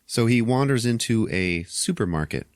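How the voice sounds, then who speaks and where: A man's voice: mid-range voice, normal speed, no room sound, clean studio sound. A man hosting a podcast, retelling a film scene by scene with swearing and laughter. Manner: animated retelling, profane, laughs often. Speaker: podcast host. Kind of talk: casual movie recap chat.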